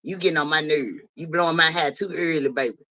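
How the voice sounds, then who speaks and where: A man runs a casual livestream and answers his viewers' comments out loud. He talks bluntly and swears freely, with an animated edge to his fairly high voice. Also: fast talker, rough recording. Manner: blunt, profane, animated, talks back to chat. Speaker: livestream host.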